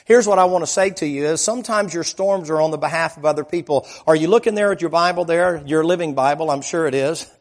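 A man preaching a sermon, telling vivid stories in a folksy way, asking the congregation questions, and swinging from loud emphatic lines to low quiet asides. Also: fast, few pauses.

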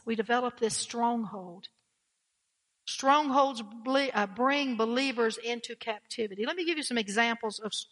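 Lady pastor preaching hard, blunt and repeating herself, bright voice, big echoey church. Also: on the high side. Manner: blunt, emphatic, repeats key phrases. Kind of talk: sermon.

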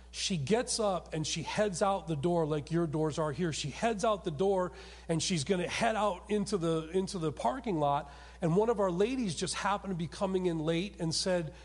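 A man preaching a sermon as pastor, telling a story with emphatic rises and sudden soft drops. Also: sits high. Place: church sanctuary. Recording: long hall reverb.

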